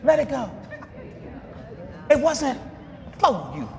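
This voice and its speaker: A man preaching a sermon, asking the congregation to finish his lines and breaking into shouts. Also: extremely high pitch, very animated, slow, a faint crowd. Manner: call-and-response questions, bursts of shouting. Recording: long reverb of a large hall.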